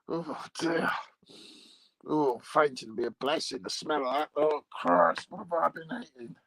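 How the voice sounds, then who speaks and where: A man's voice: a little high, takes it slowly, vocal fry, pauses often, fairly bright tone, dry recording, low-quality recording. A man rambling through crude comic chat, bawdy and meandering, chuckling at his own jokes. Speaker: comic monologue host.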